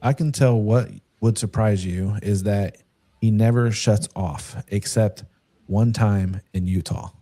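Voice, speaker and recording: A man hosting a casual podcast, asking questions in a relaxed, hesitant way with many fillers. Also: fairly low pitch, measured pace. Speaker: podcast host.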